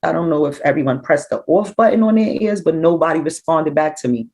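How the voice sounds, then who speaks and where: A middle-aged woman, a grieving mother recounting events in an interview, animated and acting out what people said. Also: low voice, brisk, poor audio. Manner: animated, acts out quoted dialogue. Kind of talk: emotional personal storytelling.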